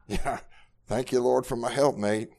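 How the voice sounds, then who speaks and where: A man, preaching a sermon at a Bible study, telling personal stories earnestly and moving from quiet, low passages to loud, raised ones. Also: fairly even intonation, slow, gravelly. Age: 60s. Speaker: pastor.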